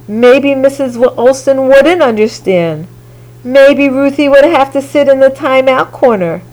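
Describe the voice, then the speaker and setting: A woman reading a children's picture book aloud in a slow, expressive, sing-song way. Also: high voice, poor audio. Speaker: storyteller.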